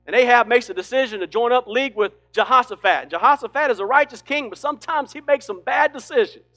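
A man preaching a sermon with emphatic delivery that swings between loud and hushed. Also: sits high. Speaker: pastor.

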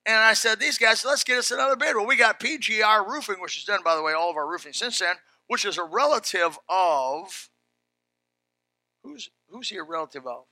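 A middle-aged pastor preaching a sermon, telling folksy stories with animated rises and shouts. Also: male voice, sits high, brisk, dry recording.

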